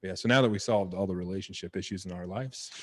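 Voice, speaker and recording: A man hosts a podcast, his voice low and his speech quick. The sound is dry and close, and he keeps the exchange casual, dropping in short affirmations before asking his questions. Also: no echo. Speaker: podcast host. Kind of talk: casual interview chat.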